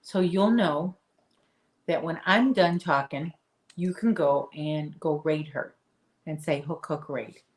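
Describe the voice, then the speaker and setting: Crocheting on a livestream, a woman talks casually with her viewers and responds to their comments, frequently restarting sentences. Her voice is low-pitched and slow with frequent pauses, and there's a slight hiss or hum.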